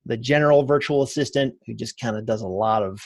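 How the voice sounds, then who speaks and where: A man's voice: medium pitch, quick pace, dry recording. Casual male podcast host, dry sound. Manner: conversational, loose with fillers like "like". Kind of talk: casual interview chat.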